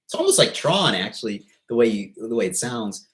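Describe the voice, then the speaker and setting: Man, mid-pitched voice, halting delivery, frequent ums, rambling casual vlog. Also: big pitch swings, rough recording. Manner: hesitant, halting, full of ums and restarts; rambling and self-deprecating. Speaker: YouTuber.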